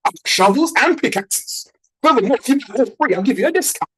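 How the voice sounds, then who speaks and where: A crafty, upbeat gold-rush trader selling shovels and buckets, put on by a man telling a story. The voice sits high and husky over his own speech. It comes through a video call. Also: lively intonation, brisk, a bit bright, exaggerated voice. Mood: breezy. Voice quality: husky, hammy put-on accent.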